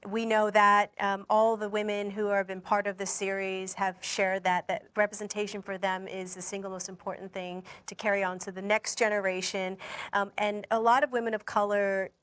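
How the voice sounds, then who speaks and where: A woman from Puerto Rico hosting an interview, speaking earnestly and at a measured pace with a few fillers. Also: medium pitch, flat delivery, fairly bright tone. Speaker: host. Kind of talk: hosted interview.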